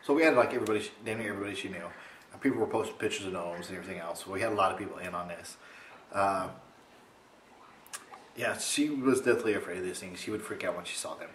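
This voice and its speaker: A young man casually telling a funny story to his camera at home, rambling and animated. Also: fast talker, reverberant, slight background noise. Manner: rambling, animated, mimics others in high voice. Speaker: vlogger. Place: home, indoors.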